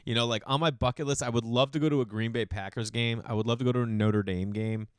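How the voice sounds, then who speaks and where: A man from Boston talks to his listeners in a loose, comedic monologue. His voice is smooth and resonant, recorded dry and close with no room around it. He rambles, jumps up loud for acted-out bits and drops into low mumbles, calling everyone dude. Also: fairly even intonation, fast talker, no room sound. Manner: swears casually, calls listeners dude. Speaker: podcast host and comedian.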